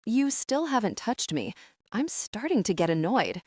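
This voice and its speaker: A woman reading the part of a gruff, teasing young man, a former ballplayer, in an audiobook. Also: fairly high pitch, sing-song, unhurried, darkish tone, dry recording, clean studio sound, pitched above the performer's own voice, exaggerated voice.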